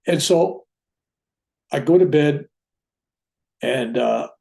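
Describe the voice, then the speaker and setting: Gravelly-voiced man telling a story. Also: fairly high pitch, takes it slowly. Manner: animated, acts out dialogue in his own voice. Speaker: reverend. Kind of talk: personal storytelling. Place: room at home with a bookcase.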